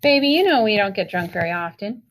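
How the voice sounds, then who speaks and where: A woman's voice: medium pitch, animated, fast talker, lightly acted. A woman voicing an arrogant wealthy teenage boy who speaks scornfully.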